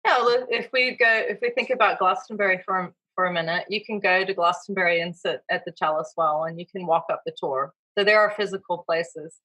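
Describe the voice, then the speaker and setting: A woman, a podcast guest and mythology author, talking in a gentle, storytelling way and acting out imagined inner voices. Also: on the low side, steady tone, a little fast, hardly any pauses, low-quality recording. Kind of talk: storytelling interview talk.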